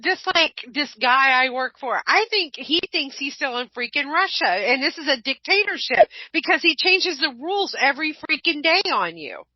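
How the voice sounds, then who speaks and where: Blunt, animated woman radio host. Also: sits high, normal speed, few pauses, no echo. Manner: blunt and animated, swears freely. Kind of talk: casual chat. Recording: dull lo-fi online radio, dry.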